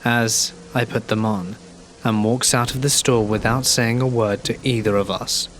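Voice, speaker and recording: A man reads a first-person horror story in a calm, measured way. His voice sits at an ordinary middle pitch, and gentle rain falls faintly behind him. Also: slight background noise. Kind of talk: scripted narration.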